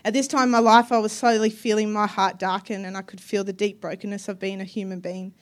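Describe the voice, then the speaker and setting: A woman in her thirties preaching a personal testimony sermon, earnest and emotional, with soft hesitations. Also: medium pitch, level tone, fast. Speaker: guest preacher.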